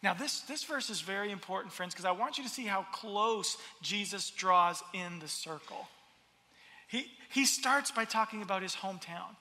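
A man preaching a sermon, expressive and repeating his words as he builds each point. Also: high voice, moderate pace, long reverb tail. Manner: expressive, acts out crowd voices, repeats words. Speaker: pastor.

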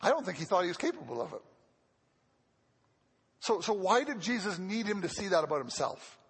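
Man, sermon, very high voice, husky, echoing hall. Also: sing-song, a little fast. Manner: earnest, repeats phrases for emphasis, frequent restarts. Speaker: preacher.

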